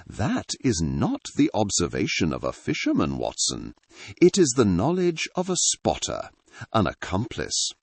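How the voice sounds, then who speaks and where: A man's voice: on the low side, huge pitch swings, measured pace, creaky, slightly rough, no echo, heavily acted. A man voicing a cool-headed male detective in an audiobook reading, giving clipped, deductive pronouncements. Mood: urgent.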